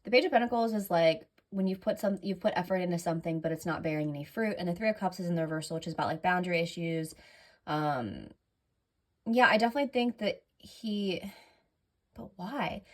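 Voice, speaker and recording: A woman's voice: lowish voice, a little fast. A woman running a casual tarot reading, rambling and correcting herself often, audibly breathing heavily. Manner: rambling, filler-heavy, self-correcting. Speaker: tarot reader.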